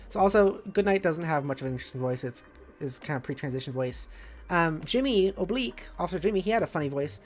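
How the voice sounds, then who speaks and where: Low-voiced woman rambling on a live stream. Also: a little mellow. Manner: rambling, filler-heavy, bubbly. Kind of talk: casual live-stream chat.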